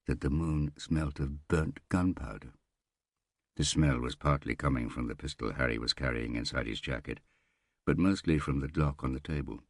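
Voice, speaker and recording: Very deep, husky male narrator. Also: no room sound, clean studio sound. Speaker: audiobook narrator. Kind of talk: scripted thriller narration.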